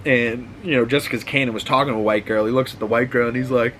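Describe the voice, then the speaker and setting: A man with a Boston accent rambles through a profane TV recap, restarting his sentences as he goes. His voice sits at an ordinary mid pitch, and a faint ambient noise runs under the recording. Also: steady tone, fast talker, few pauses, fairly bright tone, poor audio. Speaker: host. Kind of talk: casual TV recap chat.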